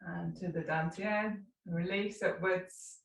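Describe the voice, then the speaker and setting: A woman teaching a live tai chi class, calmly cueing slow movements with unhurried asides. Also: lowish voice, vocal fry. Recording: echoey room, mic at a distance.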